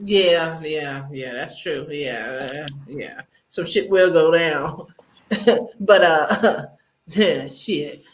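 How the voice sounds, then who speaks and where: A woman's voice: deep voice, very slow. A woman hosting an interview, chatting casually in a laid-back way, agreeing and laughing along. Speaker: interview host. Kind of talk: casual chat.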